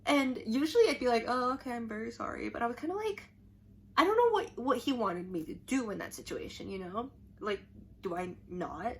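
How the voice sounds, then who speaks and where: A woman's voice: fairly high pitch, animated, brisk, a little hiss or hum. A young adult woman vlogging to camera, telling a story in a chatty, rambling way full of "like" and restarts.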